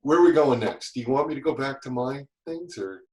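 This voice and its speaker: A man's voice: medium pitch, expressive, brisk, darkish tone, roomy sound, low-quality recording. A man guesting on a podcast and chatting casually, rambling and often restarting his sentences. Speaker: guest, safety instructor. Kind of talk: casual chat.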